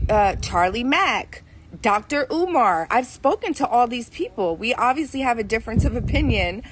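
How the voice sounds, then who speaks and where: A woman's voice: on the high side, fairly bright tone, slight background noise. A woman from Philadelphia in her forties, ranting bluntly and defiantly to the camera with lots of swearing. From Philadelphia, USA. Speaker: guest speaking in a played clip. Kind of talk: heated direct-to-camera rant.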